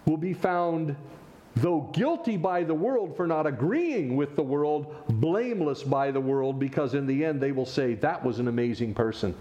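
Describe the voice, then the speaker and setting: A man's voice: fairly high pitch, lively intonation, unhurried, mellow. A man preaching a sermon, explaining scripture with rhetorical questions and wry asides. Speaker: pastor.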